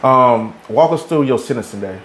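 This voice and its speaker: A man's voice: mid-range voice, expressive, moderate pace, a bit bright. Man, interviewer, short prompting questions, roomy sound. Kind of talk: casual interview. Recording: roomy, with faint noise.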